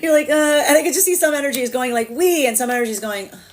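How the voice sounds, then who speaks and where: A woman giving a live tarot reading in a chatty, animated way, with lots of fillers and laughter. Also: high-pitched, rapid-fire. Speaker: tarot reader.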